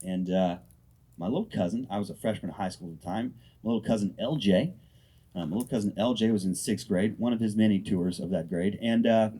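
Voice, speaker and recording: A man's voice: fairly quick, slightly rough. A man doing a stand-up comedy set, telling loose, profane stories. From Oregon. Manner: loose, profane storytelling with lively swings in pitch. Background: audience laughter.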